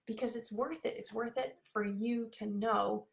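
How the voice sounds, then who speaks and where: Woman, life coach, live stream talk, bubbly, filler-heavy, creaky fry. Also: a little high, steady tone, a little slow. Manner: bubbly, chatty, many fillers.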